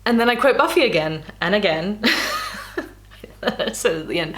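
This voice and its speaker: A woman's voice: fairly low pitch, lively intonation, moderate pace, fairly bright tone. A woman vlogging casually as she reads her old diaries aloud, candid and self-mocking, laughing often. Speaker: YouTuber.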